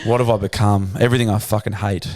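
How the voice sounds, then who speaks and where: A man's voice: lowish voice, little pitch movement, fast talker, crowd noise. A man with an Australian accent co-hosting a casual podcast, swearing freely and bantering bluntly. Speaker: podcast co-host.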